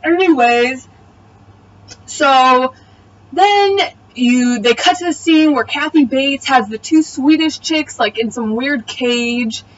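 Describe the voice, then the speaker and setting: A woman's voice: high voice, takes it slowly, distant mic, lo-fi sound, slight background noise. Blunt, profane woman recapping a show. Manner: blunt, profane, exasperated retelling. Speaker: TV episode reviewer. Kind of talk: casual video review recap.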